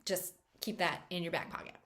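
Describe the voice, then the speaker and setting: A woman's voice: on the low side, steady tone, fairly quick, fairly bright tone. A woman chatting casually as a book reviewer, bubbly and chatty with lots of fillers.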